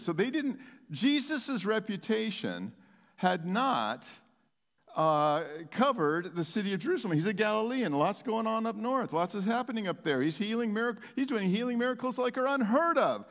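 A man preaching a sermon in a church, exuberant and animated, rambling into asides and laughing often. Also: high-pitched, normal speed. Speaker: pastor. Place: church sanctuary. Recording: long hall reverb.

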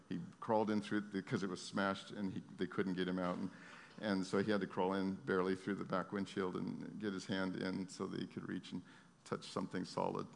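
A man preaching a sermon, moving from loud, fervent pleading to quiet, earnest storytelling. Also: deep voice, vocal fry, slight background noise. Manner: swings from loud impassioned pleading to soft storytelling. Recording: long hall reverb.

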